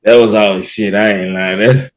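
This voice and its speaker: A man co-hosting a podcast in casual chat, jumping in with loud reactions. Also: lowish voice, fairly even intonation, normal speed. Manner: reacts loudly and jumps in with remarks. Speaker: podcast co-host.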